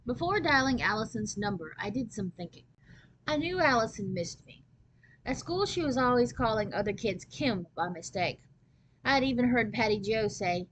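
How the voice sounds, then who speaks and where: A woman with a fairly high voice reading a children's novel aloud. She narrates in a lively first-person manner, with a faint hum of room noise behind her. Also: normal speed, rough recording. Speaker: storyteller.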